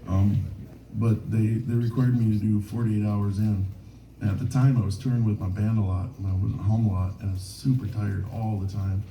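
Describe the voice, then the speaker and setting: Man, touring musician, self-deprecating onstage storytelling, lowish voice, echoey bar room. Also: fairly even intonation, moderate pace, mellow, a little hiss or hum. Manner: rambling, self-deprecating anecdotes. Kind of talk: onstage storytelling between songs. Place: bar stage at a live gig. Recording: roomy live venue, distant mic.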